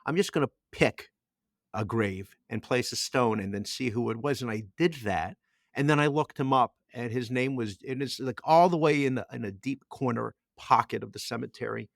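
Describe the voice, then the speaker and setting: A man's voice: medium pitch, moderate pace, vocal fry. A middle-aged man co-hosting a podcast, his voice sitting in a mid range. He tells a long story and keeps restarting and repeating words. The sound is dry and close, with no room echo. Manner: rambling storyteller with frequent restarts. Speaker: podcast co-host. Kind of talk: casual podcast chat.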